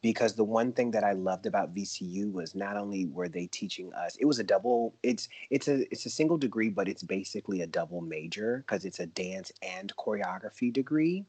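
Low, husky-voiced man telling stories. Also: a little fast, few pauses, no room sound. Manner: animated, chatty, laughs often. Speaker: podcast guest, Broadway performer and dancer. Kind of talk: casual conversational storytelling.

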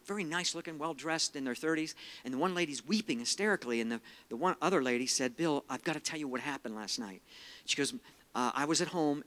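A middle-aged man preaches with a bright, forceful edge to his voice. He tells personal stories earnestly, weaves in scripture, and sinks to a hushed tone at the solemn moments. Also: mid-range voice. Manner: earnest storytelling, quotes scripture, drops quiet for emotional parts. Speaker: evangelist speaker. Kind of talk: sermon with personal testimony.

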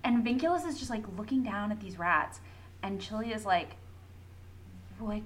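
A young woman co-hosting a podcast, retelling a story excitedly with lots of fillers and swearing. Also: medium pitch, normal speed, pauses often, slight background noise, low-quality recording. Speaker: podcast co-host. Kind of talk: casual fandom chat.

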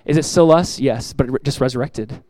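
A middle-aged man preaching a sermon as pastor to his church, earnest and direct, repeating key lines and acting out everyday voices with lively emphasis. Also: mid-range voice, moderate pace, rough recording. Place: church sanctuary.

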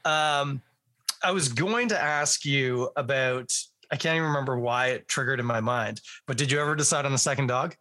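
A man's voice: mid-range voice, moderate pace, pushed and bright. A man chatting casually as a podcast guest, rambling through tangents. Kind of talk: casual chat.

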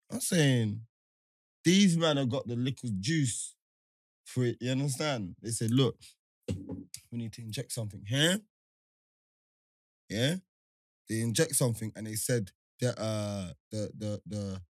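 Young guy telling a story, lots of laughing, gets loud and excited, dry sound. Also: medium pitch, dry recording. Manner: animated storyteller, laughing often, rising to near shouts. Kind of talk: casual chat.

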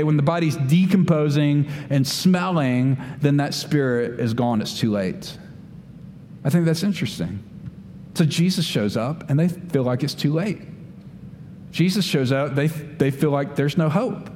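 A man preaching a sermon with a somewhat high voice, his words ringing with long reverb in a church hall. He preaches in an animated way and slips into the voices of the people in the story. Faint room noise sits under him. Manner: animated preaching, acts out voices of Bible figures. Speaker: pastor.

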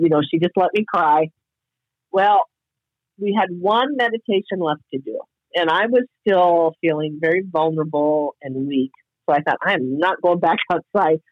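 A woman's voice: on the low side, dry recording, highs cut off. A woman guest telling a reflective personal story in casual podcast talk, heard over a call. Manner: earnest, reflective, spiritual storyteller.

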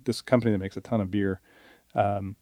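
A man co-hosting a podcast from a radio studio, wry and halting, with frequent restarts. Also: lowish voice, fairly even intonation, mellow, no echo. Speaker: podcast co-host, beer writer. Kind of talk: casual chat. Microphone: studio mic.

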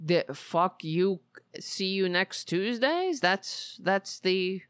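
Sarcastic woman hosting a podcast, lively pitch. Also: drawn-out words, clear, resonant tone, dry recording, clean studio sound. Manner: sarcastic, mocking. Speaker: podcast host. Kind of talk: political commentary podcast.

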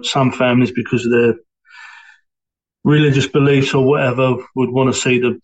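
A middle-aged man tells his story in an interview, in a measured, level voice that barely rises or falls. His speech is hesitant and halting, full of pauses and restarts. His pitch sits in the ordinary middle range for a man. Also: highs cut off. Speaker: interviewee, former police sergeant. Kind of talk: reflective personal account.

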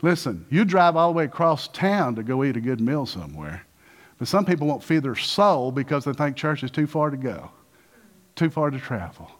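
A man's voice: medium pitch, sing-song, normal speed. A man preaching a sermon, calling out to the congregation and acting out voices of Bible figures. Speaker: pastor.

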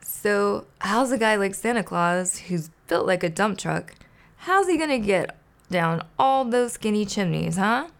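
A woman voicing a grumpy male trash-can monster in a gruff, snapping way while reading a children's storybook aloud. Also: medium pitch, animated, unhurried. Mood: scornful.

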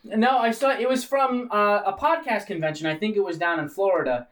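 A man's voice: high voice, a little fast, fairly bright tone, far from the mic. A man hosting a casual podcast, rambling and joking, often laughing as he talks. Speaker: podcast host.

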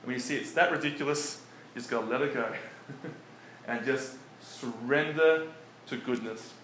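A man preaching in a relaxed, conversational way, often chuckling between his points. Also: mid-range voice, normal speed. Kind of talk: conversational sermon. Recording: echoey room with faint background noise.

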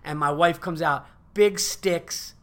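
A man's voice: on the high side, slow. A man hosting a podcast, telling a story in a casual, rambling, profane way. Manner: animated, profane, rambling with fillers. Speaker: podcast host.

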